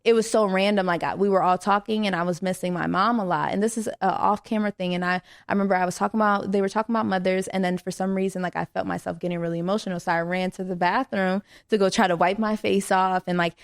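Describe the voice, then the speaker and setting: A woman's voice: mid-range voice, fast, few pauses. A young woman in her twenties, a podcast guest, telling her own story candidly and with feeling, raising her voice when she quotes herself and others. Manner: animated, acts out quoted lines with a raised voice. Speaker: podcast guest, reality show contestant.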